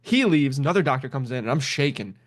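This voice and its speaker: A young man telling a story in casual chat, animated, swearing and laughing often as he acts out what people said. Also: mid-range voice, quick pace.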